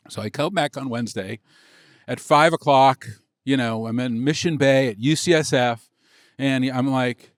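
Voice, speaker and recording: A middle-aged man, a tech executive, telling a rambling story on a conference stage, acting out the dialogue with excitement. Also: medium pitch, normal speed, clean tone, no echo, clean studio sound. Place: conference stage before an audience.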